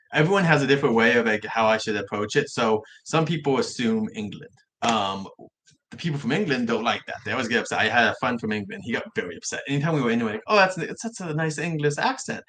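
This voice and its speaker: Young man with soft R's chatting. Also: mid-range voice. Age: young adult. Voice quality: soft R's that come out like W's. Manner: rambling, self-correcting talk with frequent restarts. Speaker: livestream vlogger. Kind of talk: casual livestream chat.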